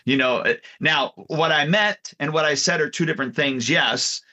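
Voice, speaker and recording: A man's voice: fairly high pitch, normal speed, bright, forceful tone. A man co-hosting a casual talk about kids and habits, telling stories and often correcting himself. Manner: rambling storyteller, self-correcting. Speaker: podcast co-host, martial arts instructor. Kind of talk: casual chat.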